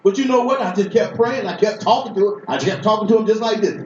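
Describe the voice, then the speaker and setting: Preacher man from Boston, higher voice, emphatic with repeated restarts, echoey hall from far off, dull lo-fi. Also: fast talker, a little hiss or hum. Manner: emphatic storytelling, repetitive restarts. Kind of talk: sermon.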